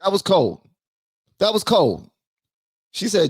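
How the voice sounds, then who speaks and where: A man from Washington, D.C. hosting a casual political commentary channel, animated, slangy and joking. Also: on the high side, slow, no echo.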